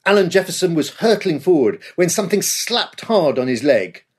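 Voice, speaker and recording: A man's voice: a little high, very animated, normal speed, slightly rough. A man reading scripted history narration with a dramatic storytelling delivery. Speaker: podcast host.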